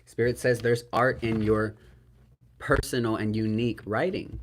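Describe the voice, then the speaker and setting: A man's voice: fairly low pitch, fairly even intonation, moderate pace, slight background noise. A man giving a solo tarot reading to the camera. He is earnest and emotional, speaks to viewers as "y'all", often asks "right?" and talks in spiritual terms. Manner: spiritual, invokes Spirit and archangels. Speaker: tarot reader.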